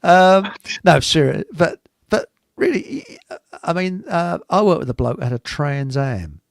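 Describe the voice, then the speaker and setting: A man's voice: on the high side, big pitch swings, vocal fry, no room sound, studio quality. A British man hosting a casual chat show, joking and rambling, reading out viewer comments. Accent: British English. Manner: joking, rambling, quick laughs. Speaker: show host.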